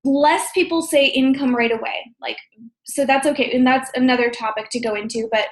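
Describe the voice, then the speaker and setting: In an echoey room, an upbeat, high-voiced team leader coaches her sales associates in a casual training talk. She speaks fast and keeps checking in with "okay?"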